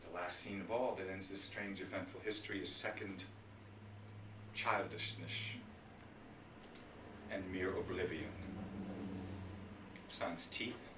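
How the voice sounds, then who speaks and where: A man's voice: low-pitched, steady tone, background noise, pitched below the performer's own voice. A man reciting as a melancholy old courtier. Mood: somber. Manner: quiet, slow, fading recitation. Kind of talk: dramatic Shakespeare recitation. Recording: echoey room from far off.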